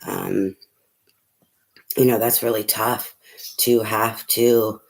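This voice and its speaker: Middle-aged male tarot reader, lowish voice, casual rambling monologue full of fillers, frank and unpolished. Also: fairly even intonation, takes it slowly, vocal fry, slight background noise. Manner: rambling, many fillers and restarts, frank with swearing. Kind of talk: casual personal talk to viewers.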